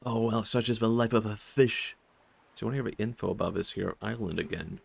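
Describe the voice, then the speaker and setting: A Swedish man voicing a gruff, boastful male talking fish from a video game. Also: on the low side, fairly even intonation, fairly quick, full character voice.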